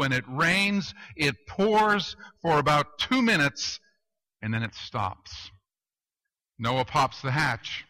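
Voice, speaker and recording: A male pastor preaching a sermon, telling stories with deadpan humor and asking rhetorical questions. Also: mid-range voice, low-quality recording.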